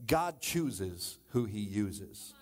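A man preaching a sermon in church, animated, swinging between loud exclamations and low asides. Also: extremely slow. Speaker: pastor.

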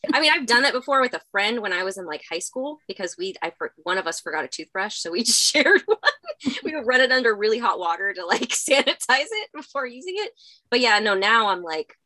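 Woman podcast co-host; bright, lively voice, giggly and animated. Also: on the high side, brisk, no room sound. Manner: animated, giggly retelling of moments with her son. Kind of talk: casual chat.

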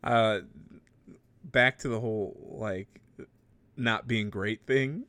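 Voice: medium pitch, slow pace, fairly bright tone, dry recording. A podcast co-host chatting casually, making joking asides and laughing often. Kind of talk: casual chat.

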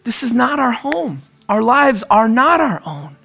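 A male pastor with a high, bright, ringing voice delivers a conversational sermon. He tells stories and stops now and then to clear his throat, with soft music playing underneath. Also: very animated, a little slow. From US Northwest. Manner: storytelling, conversational preaching with frequent throat-clearing.

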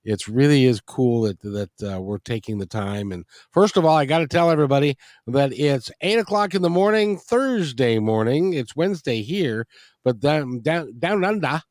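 A man's voice: mid-range voice, expressive, moderate pace, few pauses, a little mellow, dry recording. Guy hosting a radio talk show, rambly, voice swings up and down a lot, dry sound. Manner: rambling, with many restarts and fillers. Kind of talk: casual interview.

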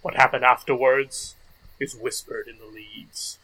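Riddling elk spirit for a fantasy tabletop game, played by a man: breathy, bright tone, grave and calm delivery. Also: medium pitch, measured pace, poor audio. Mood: solemn. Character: solemn ancient elk, calm and cryptic.

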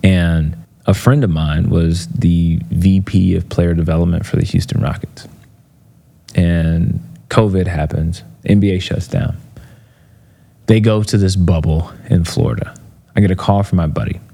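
Speaking at a normal speed, the man has a low voice with vocal fry. In an interview as a motivational speaker, he tells stories casually and animatedly, acting out quotes and leaning heavily on fillers.

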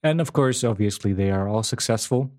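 A man in casual conversation, talking in a rambling, animated way with frequent restarts and laughs. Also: on the low side, a little fast. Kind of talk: casual chat.

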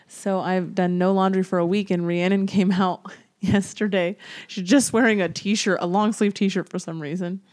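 A woman in her thirties, a podcast co-host, chatting casually and telling lively family stories, often laughing and acting out quotes in a higher voice. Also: normal speed. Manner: animated storyteller, acts out quotes in high voices, laughs often. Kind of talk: casual chat.

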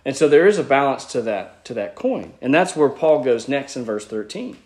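A man's voice: mid-range voice, sing-song, normal speed, a little mellow. Man preaching an earnest Bible teaching. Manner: earnest teaching with frequent restarts. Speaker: pastor. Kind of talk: sermon.

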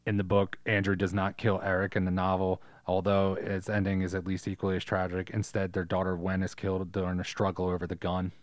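A man's voice: low voice, completely flat delivery, a little fast, few pauses, no room sound. A man co-hosting a podcast, talking loosely about a movie and its book, swearing and joking. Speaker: podcast co-host. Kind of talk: casual movie discussion.

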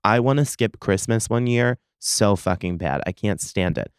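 Low smooth-voiced man in his thirties, ranting. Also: normal speed, no echo, studio quality. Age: 30s. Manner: profane, dramatic complaining. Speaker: podcast host. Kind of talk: casual solo podcast storytelling.

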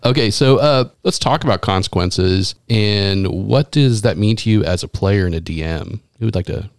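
Gravelly-voiced giggly podcast host man. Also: fairly low pitch, moderate pace, no echo, studio quality. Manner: giggly, chatty, rambling. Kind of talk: casual chat.

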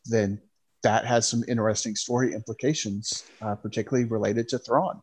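A man co-hosting a podcast, speaking in a measured way with many hesitations. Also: lowish voice, steady tone, husky. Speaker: podcast co-host. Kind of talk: casual chat.

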